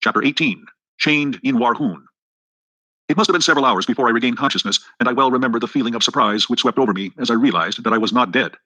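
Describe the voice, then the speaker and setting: Male audiobook narrator, fast and husky, brisk even storytelling. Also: medium pitch, no room sound, low-quality recording. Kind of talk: scripted narration.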